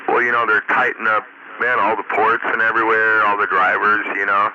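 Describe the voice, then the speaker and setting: A man's voice: fairly low pitch, flat delivery, brisk. A man, a ham radio operator, chatting in an easygoing, folksy way. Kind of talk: casual radio chat. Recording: muffled radio with static.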